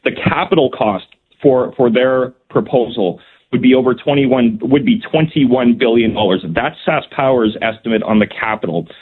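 Male politician, earnest, filler-heavy, slightly husky, heard over a narrow phone line. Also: mid-range voice, normal speed. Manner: earnest and emphatic, with frequent fillers and restarts. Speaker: provincial cabinet minister, interview guest. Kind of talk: radio interview answers. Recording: phone-line call-in audio.

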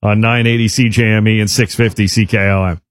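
A man's voice: lowish voice, fairly even intonation, quick pace, no echo. A man hosting a radio sports show, chatting in an easygoing, joking way and asking follow-up questions. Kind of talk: casual radio chat. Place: radio studio.

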